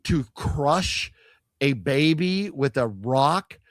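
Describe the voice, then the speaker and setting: A man's voice: medium pitch, expressive, extremely slow. A man hosting a casual chat about a movie haul, rambling with restarts and reading chat comments aloud. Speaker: show host.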